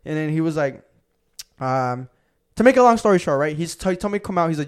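A man's voice: a little high, fast, smooth. Profane young man telling stories. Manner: profane, animated storyteller, says "bro" a lot. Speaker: podcast co-host. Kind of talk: casual storytelling chat.

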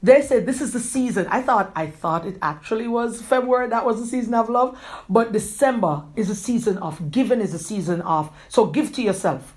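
A woman hosting a podcast, giving an earnest, rambling motivational talk, repeating herself often and talking quickly. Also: fairly high pitch, a little mellow. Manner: quick talker who gestures a lot. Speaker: podcast host.

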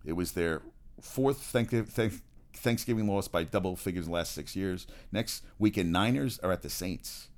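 A man's voice: low-pitched, moderate pace, a little mellow. A man hosting his own sports show in a casual, rambling rant, blunt and profane, with faint music behind.

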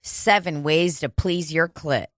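A woman's voice: deep voice, takes it slowly, dry recording, clean studio sound. A woman in casual chat, rambling and joking crudely, laughing often.

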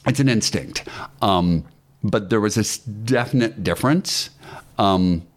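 Guest actor, very deep male voice, rambling storyteller with ums and false starts. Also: slow pace. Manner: anecdotal, hesitant with ums and restarts. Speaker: guest actor and acting teacher. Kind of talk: casual podcast storytelling.

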